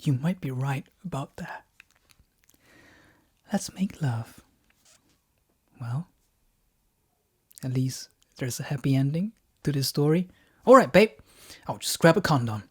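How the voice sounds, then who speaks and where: A man with a New Zealand accent performing a comic theatrical monologue, deadpan, swinging between hushed asides and outbursts. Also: medium pitch, slow, pauses often, slightly rough.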